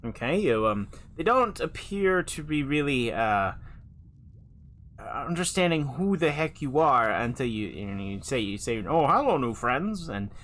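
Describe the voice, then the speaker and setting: A man narrating as game master of a tabletop game, animated and quick to slip into character voices. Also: medium pitch, a little hiss or hum. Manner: animated, lots of fillers and restarts, puts on quick character voices.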